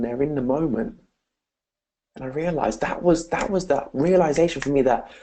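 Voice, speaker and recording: A man's voice: medium pitch, a little mellow, low-quality recording. A man with a British accent, a motivational speaker telling an earnest personal story and often calling his listeners "guys". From Britain. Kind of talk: personal story told to camera.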